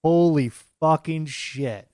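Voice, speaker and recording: A man's voice: a little high, takes it slowly, dark tone, no room sound. Profane storytelling man, dry sound. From United States. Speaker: podcast co-host. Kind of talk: casual chat.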